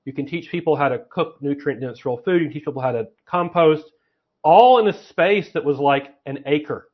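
A man in casual conversation, thinking aloud and laying out plans with many fillers and restarts. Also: fairly high pitch. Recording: slightly muffled lo-fi audio.

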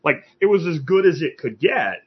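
A man hosting a podcast, chatting casually and telling an animated anecdote. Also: a little high, normal speed, slightly rough, highs cut off. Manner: animated, tells anecdotes with acted-out dialogue. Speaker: podcast host. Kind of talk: casual conversational storytelling.

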